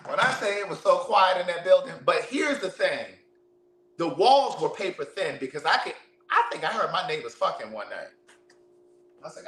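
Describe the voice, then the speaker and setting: Loud, high-voiced man. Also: normal speed, roomy sound. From Baltimore, USA. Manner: loud, animated, profane banter addressing viewers as niece. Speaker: vlogger. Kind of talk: casual storytelling while cooking.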